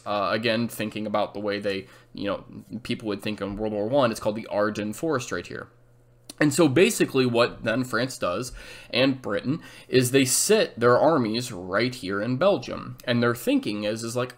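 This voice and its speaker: A man's voice: medium pitch, animated, moderate pace. A man teaching a history lesson over a map, casual and full of "uh" and "um", acting out quotes now and then. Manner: filler-heavy, restarts, acts out quotes.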